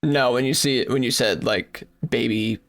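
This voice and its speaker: A man's voice: mid-range voice, moderate pace, a bit bright. A young man on a podcast ranting in exasperation, swearing heavily as he complains in casual chat. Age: young adult. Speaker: podcast co-host. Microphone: far from the mic at times.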